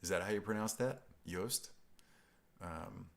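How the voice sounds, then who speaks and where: Deep-voiced male host from upstate New York; loose, chuckling live-stream chatter that wanders off topic. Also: a little slow, creaky. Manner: rambling, self-interrupting, chuckling. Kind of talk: casual live-stream chat reading viewer comments.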